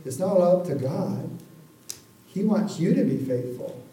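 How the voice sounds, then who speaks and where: A man's voice: sits high, lively intonation, measured pace, warm tone. A man preaching a sermon in a conversational way, often asking the congregation for an amen. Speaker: pastor. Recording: echoey room, voice from far off the mic.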